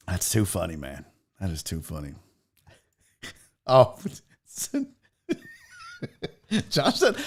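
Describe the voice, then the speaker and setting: A man hosting a casual sports show, profane and animated with laughing asides. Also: on the high side, unhurried, vocal fry, long pauses. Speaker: host.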